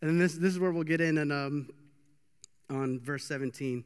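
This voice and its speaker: In a church hall with long reverb, a young man preaches an animated, jokey, informal sermon, restarting himself often. His voice is a little high and clean, at a moderate pace.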